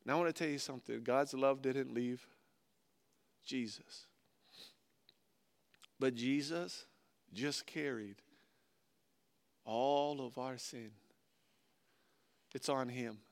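A man preaching a sermon and reading scripture aloud, earnestly swinging between loud stresses and hushed, slowed phrases. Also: medium pitch, gravelly, clean tone. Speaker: pastor.

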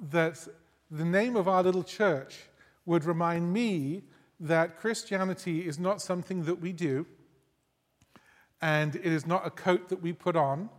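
Guy giving a friendly sermon, slightly high voice, echoing church hall. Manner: conversational and gently humorous, reads scripture aloud. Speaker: guest preacher. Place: church sanctuary. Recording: long hall reverb.

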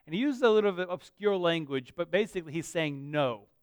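A man from Australia, a pastor with an Australian accent worn toward American, preaching a sermon in an earnest, conversational way with dramatic pauses. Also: fairly high pitch, lively intonation, smooth, dry recording, studio quality. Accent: Australian mixed with American.

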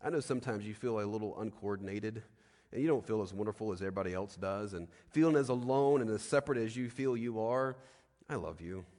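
A man's voice: on the low side, fast talker, darkish tone, natural voice. A man voicing a lovestruck eccentric man who pleads earnestly and tenderly, heard in a reverberant hall. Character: lovestruck eccentric man confessing his love.

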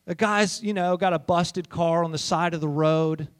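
Animated pastor, casual sermon. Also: male voice, on the high side, moderate pace, clean tone, no echo. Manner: animated, conversational, jokey asides to the congregation.

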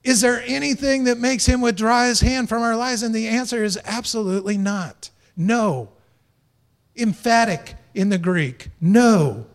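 A man with a high-sitting voice preaches a sermon as pastor, speaking emphatically. He drives his points home with repeated phrases and jokes lightly with the congregation.

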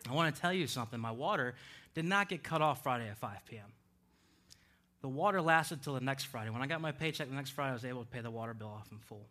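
A man preaching a sermon, telling a personal story in a lively way with frequent laughter. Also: medium pitch, fast. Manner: animated, laughs between lines. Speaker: pastor.

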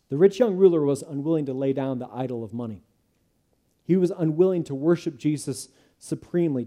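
A man's voice: mid-range voice, mellow. A male pastor preaching a sermon, in an earnest, emphatic manner.

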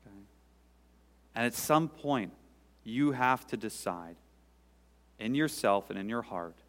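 A male pastor preaching a sermon, swelling loud and high for emphasis, then dropping to quiet, intimate asides. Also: unhurried, long pauses. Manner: dynamic preaching, sudden rises in pitch and volume, dropping to quiet asides. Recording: long hall reverb.

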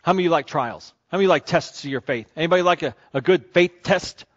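A man preaching a sermon as pastor, moving between calm teaching and rising, excited storytelling. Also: fairly high pitch, quick pace. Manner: builds from calm teaching to loud excited crowd-cheering passages. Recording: dull lo-fi sermon recording.

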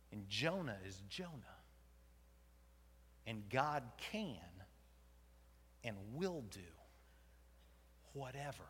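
In a dramatic first-person sermon, a preacher plays Jonah, a conflicted and angry prophet, swinging between loud outbursts and hushed whispers. His exaggerated voice sits on the high side and is slightly rough, with long hall reverb on the recording.

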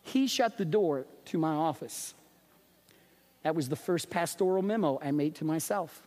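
A man preaching a sermon as pastor, animated and emphatic, telling stories to his congregation. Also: on the high side, moderate pace. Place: church sanctuary. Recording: long reverb of a church sanctuary.

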